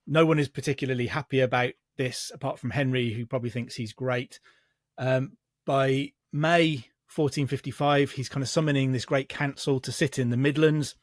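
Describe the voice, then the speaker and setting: A man, a historian guest, calmly telling history in a podcast chat with frequent restarts. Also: medium pitch, no echo, studio quality. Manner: measured storytelling with frequent restarts. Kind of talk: casual podcast explanation of history.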